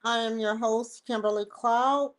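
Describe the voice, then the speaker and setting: A woman's voice: a little high, steady tone, unhurried, slight background noise. A woman hosting her own livestream show, rambling and joking between topics, often breaking into laughter. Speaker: host. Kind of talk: casual livestream chat.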